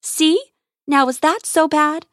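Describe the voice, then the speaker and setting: A woman playing a brave, kind-hearted young space ranger in a storybook adventure. Her higher voice is coaxing with creatures and fierce toward wrongdoers. The recording is dry and close. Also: big pitch swings, normal speed, no echo. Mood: cheerful. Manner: warm and coaxing to the animal, fierce at poachers.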